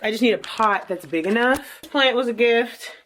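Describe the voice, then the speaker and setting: A woman chatting casually in a home vlog, animated, her voice jumping high when she exclaims. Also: moderate pace, slight background noise. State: a bit out of breath. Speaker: vlogger. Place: apartment rooms, moving around.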